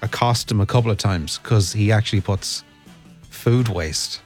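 A man's voice: lowish voice, normal speed, soft background music. A man co-hosting a radio show, making dry, teasing remarks. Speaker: radio co-host. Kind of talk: casual radio chat.

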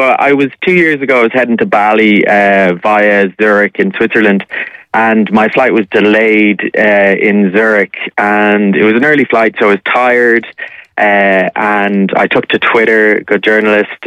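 A man's voice: lowish voice, fairly even intonation, normal speed, a bit bright, clean tone, no room sound, poor audio. A man, a journalist calling in to a radio show, telling a personal story in a rambling way with many fillers. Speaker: caller, journalist.

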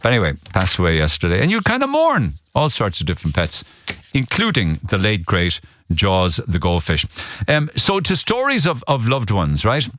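A man's voice: fairly low pitch, moderate pace, dry recording. A man hosting a radio phone-in, chatty with frequent restarts. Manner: chatty, hesitant restarts, lively delivery. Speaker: radio talk show host.

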